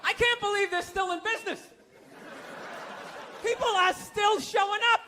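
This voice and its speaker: A man's voice: very high-pitched, steady tone, moderate pace, pushed and bright, a faint crowd, a little hiss or hum. A male stand-up comedian on stage, ranting in a profane, incredulous way to a live audience. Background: audience laughter.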